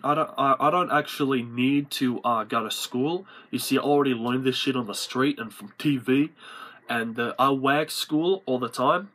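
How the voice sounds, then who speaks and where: Sketch role: a man doing a slack Australian stoner teen, rambling, bright voice, lots of hesitations. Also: medium pitch. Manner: rambling, halting, casual slang. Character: lazy teenage Australian stoner boy who skips school. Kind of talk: comedy sketch character.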